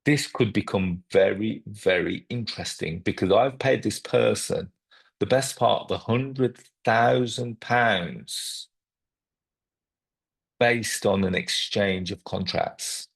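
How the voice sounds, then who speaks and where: A man, a property investor telling a story to camera and acting out phone calls in lively detail. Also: fairly low pitch, slow, creaky, husky.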